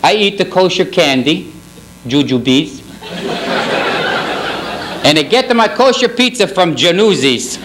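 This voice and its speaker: Man putting on a put-on Italian accent, deadpan priest, broken English, slightly high voice, banquet roast. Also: slow pace, long pauses, noisy background. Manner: deadpan, rambling joke delivery, broken English. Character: deadpan Italian parish priest, middle-aged man, sly joker. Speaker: banquet humorist. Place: banquet hall.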